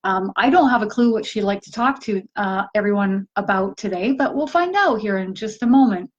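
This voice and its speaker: A woman medium talking casually on a live stream, chatty, laughing often and filling pauses with ums. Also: medium pitch, expressive, lo-fi sound. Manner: slow, chatty, laughs often, many fillers. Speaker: spiritual medium.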